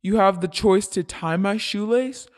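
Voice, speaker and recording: A woman voicing a huge, solemn shrimp god who speaks in a slow, grand, drawn-out way. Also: medium pitch, darkish tone, in a large hall, voice pushed down, natural voice.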